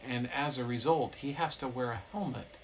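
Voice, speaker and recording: A man's voice: medium pitch, moderate pace, slight background noise, pitched below the performer's own voice, close to an everyday voice, low-quality recording. A man voicing a naive, eager young hero pilot in a plain, earnest way. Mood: pleading.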